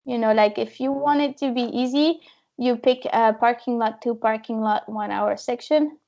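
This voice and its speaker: Woman guest, bit high-pitched, lively storyteller, muffled lo-fi audio. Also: normal speed, gravelly. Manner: animated, acts out quoted voices, laughs often. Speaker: podcast guest, expedition kayaker. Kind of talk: casual storytelling interview. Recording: dull lo-fi audio.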